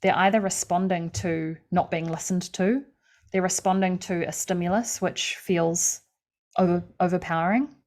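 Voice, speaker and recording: A woman's voice: fairly low pitch, steady tone, moderate pace. Woman life coach doing a live session, earnest and chatty, lots of "like" and little laughs. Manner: earnest, conversational, acts out inner thoughts; frequent fillers and soft laughs.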